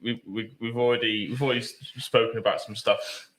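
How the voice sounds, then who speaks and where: A man's voice: medium pitch, steady tone, fairly quick, fairly bright tone, echoey room. A man co-hosting a live charity podcast, joking and telling stories. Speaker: podcast co-host.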